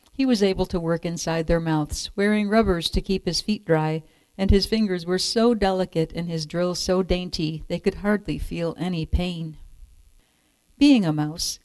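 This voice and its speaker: A woman calmly reading a children's picture book aloud as storyteller. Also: lowish voice, no echo.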